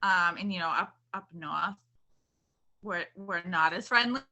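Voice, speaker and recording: Bright-voiced Boston woman. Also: lowish voice, unhurried. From Boston, Massachusetts. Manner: chatty, filler-heavy with "like" and "um". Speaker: guest. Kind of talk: casual interview chat.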